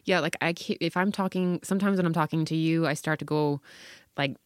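A man's voice: a little high, steady tone, brisk, clean tone, no echo, studio quality. A man with a twangy Tennessee accent, telling a story in casual podcast chat with frequent restarts. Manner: storytelling with many restarts and laughs. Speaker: podcast co-host.

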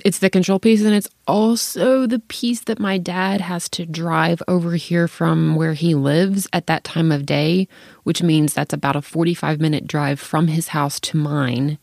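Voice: mid-range voice, steady tone, unhurried, gravelly, darkish tone, no room sound, studio quality. A parent in their thirties in candid casual chat, open and frank, swearing freely and laughing between thoughts.

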